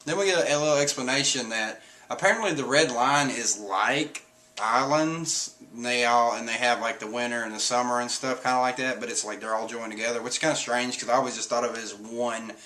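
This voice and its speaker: Bright-voiced young man recapping chatty. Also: medium pitch, poor audio. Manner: chatty, laughs often, acts out quotes in silly voices. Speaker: comic chapter reviewer. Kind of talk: casual recap commentary.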